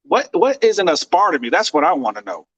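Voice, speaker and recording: A playful American man co-hosting a podcast, often tripping over his words and restarting. His voice is high for a man. The recording is dry and a little muffled. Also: sing-song, a little fast, a bit bright, husky. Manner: playful, stumbles and repeats words. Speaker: podcast co-host. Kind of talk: casual chat.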